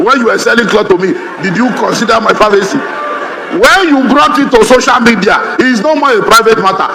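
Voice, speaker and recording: A man with a Nigerian accent preaching a sermon as pastor, humorous and lively, mimicking other people's voices. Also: very high-pitched, brisk, vocal fry, background noise. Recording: reverberant hall, faint ambience.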